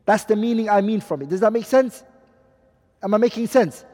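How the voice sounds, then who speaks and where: A man's voice: sits high, a little fast, a little mellow. A man teaching a class, who keeps asking his students questions and repeats each Arabic term with its English meaning. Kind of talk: classroom lecture. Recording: long hall reverb.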